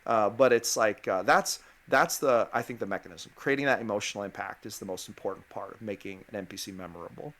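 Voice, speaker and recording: A man's voice: on the low side, brisk, hardly any pauses, a bit bright. A man talking casually as a guest game master, thoughtful and rambling, with frequent restarts. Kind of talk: casual interview answers.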